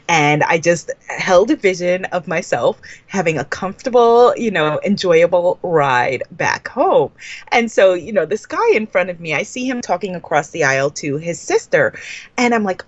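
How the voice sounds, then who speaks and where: A woman guest in a casual podcast interview, telling a story and acting out her own reactions with big, excited jumps in her voice. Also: on the low side, moderate pace, dry recording, lo-fi sound.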